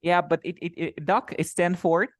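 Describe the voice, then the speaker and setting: A man's voice: high voice, steady tone, moderate pace, no echo, clean studio sound. A man whose first language is Spanish, teaching an English lesson in a casual style and explaining with many examples and repetitions.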